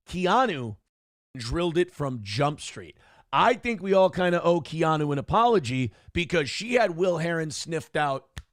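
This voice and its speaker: A man's voice: fairly high pitch, no echo, studio quality. A man hosting a stream, ranting in a snarky, smug, mocking way. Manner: mocking, taunting asides. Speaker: streamer host. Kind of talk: casual ranting commentary.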